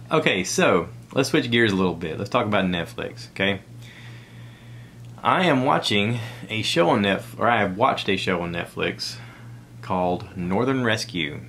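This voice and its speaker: This podcast host is a middle-aged Southern American man talking casually on his own, wandering from point to point and poking fun at himself. He speaks in a low register with a fairly bright tone, over a faint hiss or hum.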